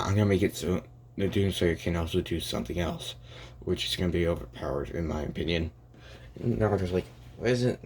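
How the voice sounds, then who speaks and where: Young male storyteller, low voice, loose and rambling, lots of restarts, slight background noise. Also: a little mellow. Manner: rambling, many restarts and "and it's like". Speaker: fan fiction storyteller. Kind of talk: improvised spoken fan story.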